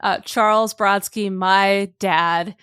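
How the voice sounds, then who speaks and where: A woman's voice: mid-range voice, steady tone, slow pace, fairly bright tone, clean tone, no room sound, clean studio sound. A woman co-hosting a film podcast in casual chat, playful and laughing often. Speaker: podcast co-host.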